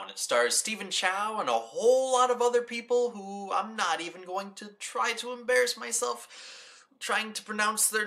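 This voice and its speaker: A man's voice: sits high, sharp tone. A young man from the United States hosts a casual movie review show. He talks with enthusiasm and rambles, with many repeated "like"s and restarts. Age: young adult. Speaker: host of a movie review channel.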